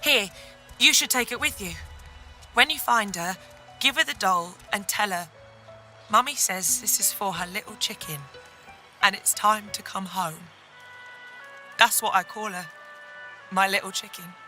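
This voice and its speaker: An actress voicing a grieving mother in a game, pleading softly and tearfully for her lost daughter. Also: mid-range voice, unhurried, long pauses, soft background music. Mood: sorrowful. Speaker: game character.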